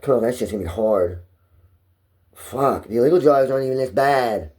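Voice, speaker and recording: A man in an angry, distressed personal monologue, cursing and ranting with his voice climbing toward a shout. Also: mid-range voice, expressive, moderate pace. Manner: profane, agitated ranting.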